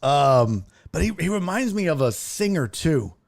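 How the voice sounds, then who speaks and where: Young guy streamer, high voice that jumps all over, cussing and acting out his stories, just chatting with chat. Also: measured pace, vocal fry. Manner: animated storytelling with profanity and acted-out voices. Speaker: streaming show host. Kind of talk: casual live-stream chat.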